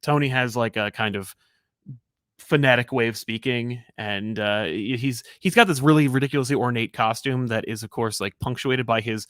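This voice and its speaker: A man co-hosting a casual live comics chat, rambling and self-deprecating, with halting restarts. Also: mid-range voice, fairly bright tone, dry recording, studio quality. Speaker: co-host of a comics show.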